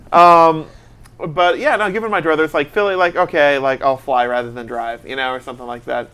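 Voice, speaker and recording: A man co-hosting a casual talk show, telling stories in a loose, rambling way. His voice sits a little high for a man, and he fills his sentences with easy fillers. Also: steady tone, fairly quick, fairly bright tone. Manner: chatty, rambling with many fillers. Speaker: podcast co-host. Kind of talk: casual chat.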